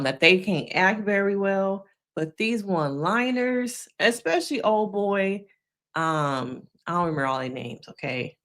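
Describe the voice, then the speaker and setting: An opinionated woman gives loose live commentary on a TV season. She has a slightly low voice and keeps checking in with the listener. Her delivery is chatty and frank. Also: a bit bright. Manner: opinionated, chatty, says "okay?" often. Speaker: therapist reviewing TV shows.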